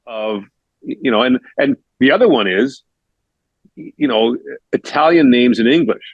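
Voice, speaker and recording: A man's voice: medium pitch, animated, measured pace, slightly rough, dry recording, highs cut off. A man who is a hockey play-by-play broadcaster, chatting at length as a guest on a casual podcast interview. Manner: explains at length in a chatty, conversational way.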